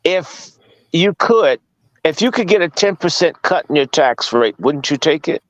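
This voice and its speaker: A man from Washington, D.C. lectures in a loose, conversational way, pressing his listeners with rhetorical questions and blunt, profane asides. His voice sits somewhat high for a man. The sound is dry and muffled, with the top end dulled. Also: expressive, measured pace, no echo. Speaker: guest speaker. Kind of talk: casual lecturing talk.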